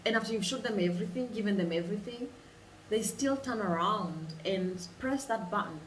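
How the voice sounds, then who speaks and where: A woman leading a guided imagination exercise, telling it in an animated way and repeating phrases for emphasis. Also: mid-range voice, normal speed, a little hiss or hum. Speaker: vlogger. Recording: roomy sound, distant mic, faint ambience.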